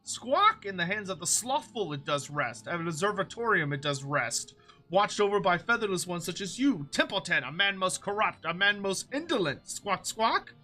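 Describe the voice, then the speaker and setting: A man's voice: high-pitched, animated, moderate pace, bright, forceful tone, faint music behind, full character voice. A man voicing a squawking bird-like creature who gives quests with inverted word order, reading game text aloud in character.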